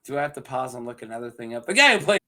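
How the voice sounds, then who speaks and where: A man chatting casually on his own as a show reviewer, laughing often and slipping into quick, goofy character voices. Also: medium pitch, very animated, pushed and bright. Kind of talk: casual solo review chat.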